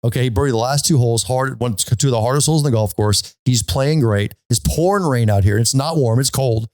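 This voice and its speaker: In a brisk, medium-pitched voice with no echo, a man running a golf podcast spins an animated, casual story. He often stops to check "okay?" and tends to say things more than once.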